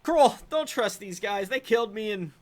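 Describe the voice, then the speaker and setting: A man voicing a whiny male undead ghoul guard with half his head gone, complaining loudly to his master. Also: high voice, lively intonation, moderate pace, pitched above the performer's own voice. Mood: exasperated. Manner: complaining, exasperated.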